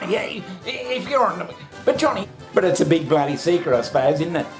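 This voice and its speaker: A man's voice: high voice, big pitch swings, a little fast, soft background music. An Australian man in a casual ranting monologue who swears constantly, fires off rhetorical questions and talks to himself by name. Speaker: vlogger.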